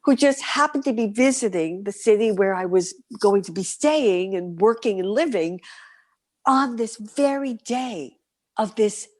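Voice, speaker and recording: A middle-aged woman from New City, a guest performer telling her stories in an interview, lively and vivid, sometimes dropping to a whisper. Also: mid-range voice. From New York City. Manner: animated, vivid storyteller, breaks into soft whispers. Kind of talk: storytelling interview.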